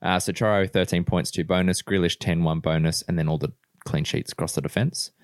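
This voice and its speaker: A man's voice: sits low, steady tone, a little fast, dry recording, studio quality. A man co-hosting a casual football podcast, laid-back and laughing often. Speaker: podcast co-host.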